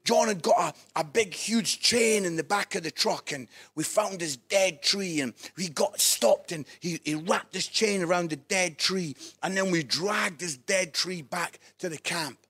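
A man with a bright, high-pitched voice preaches a lively storytelling sermon. He is playful and animated, laughing along with his own anecdotes before turning them into a lesson. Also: unhurried, hardly any pauses, husky.

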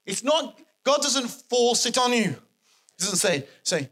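A man preaching a sermon, animated and emphatic, repeating his key phrases for effect. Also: very high voice, slow pace.

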